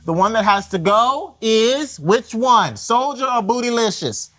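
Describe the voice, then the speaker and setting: A man's voice: very high-pitched, big pitch swings, measured pace, pushed and bright. A man hosting a talk show, chatting playfully and laughing easily.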